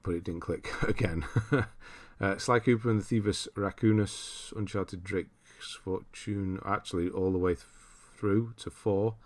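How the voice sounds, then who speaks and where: This UK streamer's low voice keeps a fairly even intonation and an unhurried pace as he casually goes through his viewers' lists, laughing and thinking out loud.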